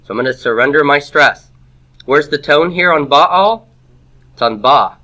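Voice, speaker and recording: A man teaching a Hebrew grammar class in a classroom, lecturing and firing quick rhetorical questions at the students. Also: on the high side, expressive, sharp tone.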